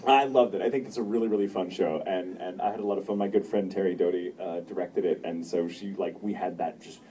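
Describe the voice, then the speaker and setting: A man's voice: deep voice, fairly even intonation, fast talker, dark tone. A man in his thirties, a voice actor telling stories at a fan convention Q&A, laughing often and acting out quotes. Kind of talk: convention Q&A storytelling. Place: convention panel room. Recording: distant fan recording with room noise.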